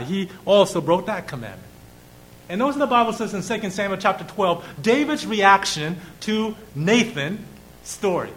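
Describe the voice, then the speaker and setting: A man preaching a sermon, asking rhetorical questions, reading scripture aloud and pausing for effect. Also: high-pitched, a bit bright, rough recording.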